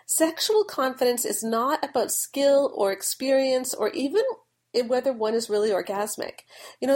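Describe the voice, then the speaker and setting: Earnest woman podcaster, slightly high voice. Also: darkish tone. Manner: earnest, conversational, with occasional laughs. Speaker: Christian marriage blogger and podcaster. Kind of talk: solo podcast teaching.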